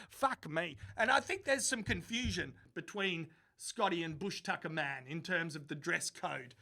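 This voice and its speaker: A male commentator with a high voice mocks news footage bluntly and swears freely. His tone is bright and sharp, with a gravelly rasp underneath. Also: animated, measured pace, few pauses. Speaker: online commentator. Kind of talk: profane reaction commentary.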